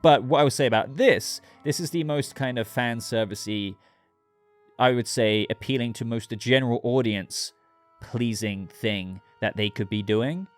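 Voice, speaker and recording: A man's voice: mid-range voice, moderate pace, soft background music. A man hosting his own channel, giving a casual, rambling episode review and talking straight to his viewers. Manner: rambling, chatty, addresses viewers directly.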